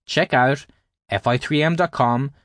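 A man from Ireland, reading his own language-learning book aloud in a clear, explanatory teaching manner. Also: mid-range voice, a little slow, a bit bright, no echo. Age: adult, at least 20s. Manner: explanatory, carefully paced teaching delivery. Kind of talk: scripted audiobook narration.

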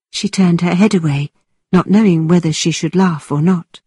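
A woman reading a classic novel aloud in a measured, expressive storytelling manner. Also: low voice, husky, dry recording. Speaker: narrator. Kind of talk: scripted audiobook narration.

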